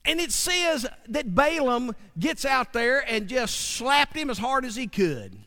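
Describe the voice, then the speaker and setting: Man, preacher, high-pitched voice, folksy conversational sermon, long hall reverb. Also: sing-song, a little slow, sharp tone. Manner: folksy, conversational, asks the audience questions.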